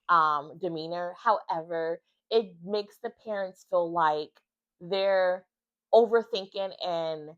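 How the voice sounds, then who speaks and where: A woman's voice: medium pitch, dull audio. A woman, a mother, talking earnestly and emphatically in a casual vlog about her time with her baby in intensive care. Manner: earnest and emphatic, animated storytelling. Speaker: mother of a former NICU baby, vlogger.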